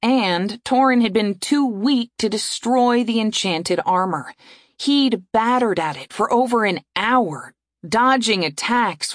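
Woman reading a story out slow, lively tone, dry close mic. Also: medium pitch, dry recording. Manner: measured, expressive reading. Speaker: audiobook narrator. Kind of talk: scripted story narration.

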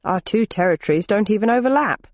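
A man's voice: high voice, animated, fast, dry recording. A woman voicing a shrewd male partner in cheese smuggling, matter-of-fact and sardonic, on a dull lo-fi recording. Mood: wry.

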